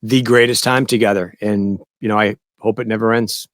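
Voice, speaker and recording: A man's voice: on the low side, steady tone, moderate pace, a bit bright, no room sound. Easygoing joking guy, guest on a podcast, dry close recording. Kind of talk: casual chat.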